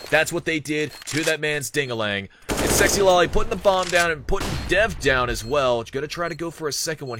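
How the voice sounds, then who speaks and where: A man giving live play-by-play esports commentary, energetic, joking and off-the-cuff. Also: medium pitch, noisy background.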